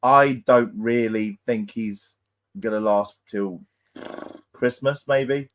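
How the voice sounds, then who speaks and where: A man's voice: mid-range voice, slow, a bit bright. A man co-hosting a fan channel, giving frustrated post-match views with many hesitations. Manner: frustrated, hesitant, lots of ums. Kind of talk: post-match analysis chat.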